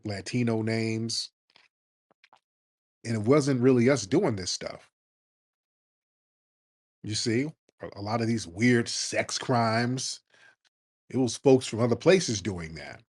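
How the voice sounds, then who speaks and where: A man in his fifties hosting a talk show, speaking bluntly and emphatically. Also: lowish voice. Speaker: host. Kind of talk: talk radio commentary.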